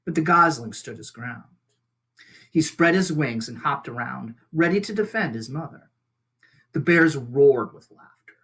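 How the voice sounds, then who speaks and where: A man reading a children's book aloud with expressive storytelling. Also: mid-range voice, unhurried. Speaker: reader.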